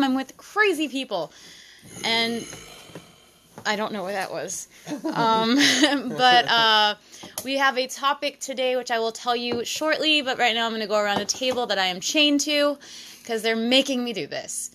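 A woman's voice: on the high side, moderate pace, sharp tone, slight background noise. A woman hosting a podcast, chatting and joking with friends around a table and laughing often. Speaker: podcast host. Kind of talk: casual chat with friends.

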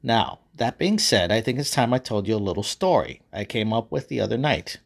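A man's voice: medium pitch, expressive, a little fast, gravelly. A man voicing a crude, laid-back male God who swears and gets annoyed easily, in a comic story reading. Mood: offhand. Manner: swearing, casual, loud.

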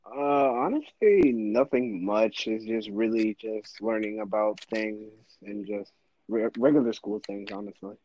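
A man's voice: on the low side, very animated, measured pace, creaky, dry recording, lo-fi sound. A teenage boy, a guest, giving short hesitant answers in a casual chat. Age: teen.

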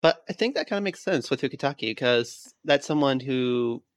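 A podcast co-host in casual chat, talking in a measured way and reasoning points through. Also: mid-range voice, animated, no room sound.

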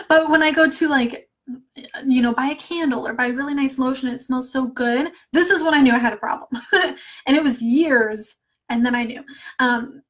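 A woman with a somewhat high voice, chatting casually and candidly with her viewers as a money mindset coach. She laughs easily and talks in a loose, friendly flow. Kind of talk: casual live chat answering viewer comments.

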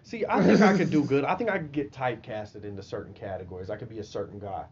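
A man's voice: mid-range voice, fast talker, darkish tone, breathy edge. A man hosting a casual podcast chat, laid-back, swearing often and checking in with "you know what I'm saying?". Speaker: podcast host. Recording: dull lo-fi sound with faint noise.

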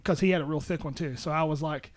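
Southern-accented man, higher voice. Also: quick pace, dry recording. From Southern United States. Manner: rambling, self-correcting storyteller. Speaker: musician guest. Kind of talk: casual interview chat.

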